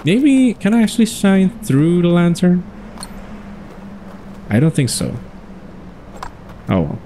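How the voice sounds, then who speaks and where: A man's voice: high-pitched, huge pitch swings, slow, dark tone, a little hiss or hum. A man hosting his own gaming videos, chatting casually and thinking aloud as he plays. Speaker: gaming channel host. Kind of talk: casual let's-play commentary.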